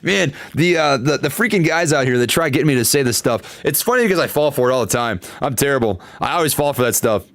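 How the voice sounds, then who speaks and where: A man hosting a casual stock market livestream, chatting with viewers and reading their comments, animated, with plenty of fillers and repeats. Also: medium pitch, fast talker, hardly any pauses, no room sound. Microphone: desktop studio microphone.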